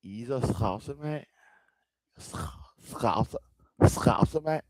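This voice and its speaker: A man's voice: medium pitch, lively intonation, slow pace, a little mellow, no echo. A man putting on a clumsy, cocky young Liverpool lad voice, mostly as a joke, while commentating. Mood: mocking. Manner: clumsy put-on Scouse voice.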